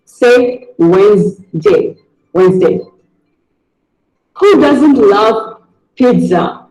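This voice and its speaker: A man teaching pronunciation in a video lesson, deliberately saying each word and repeating it as a drill. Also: high voice, a little mellow, roomy sound, poor audio.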